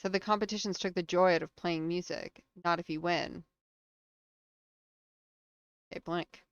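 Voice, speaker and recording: Low gravelly woman streaming a game. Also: steady tone, dry recording, muffled recording. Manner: reads on-screen text aloud between quick reactions. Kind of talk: live game stream commentary.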